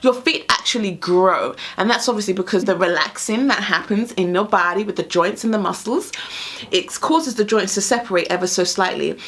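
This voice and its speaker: A pregnant woman, chatting candidly to camera, animated and often laughing, and a little short of breath. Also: mid-range voice. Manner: animated storyteller, laughs often, acts out quoted voices. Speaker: vlogger sharing pregnancy experiences. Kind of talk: casual candid chat to camera.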